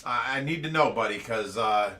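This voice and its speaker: A man from Ohio hosts a casual live-stream chat, telling stories with lots of energy and laughing often. His voice is medium-pitched at a moderate pace, and he sounds far from the mic.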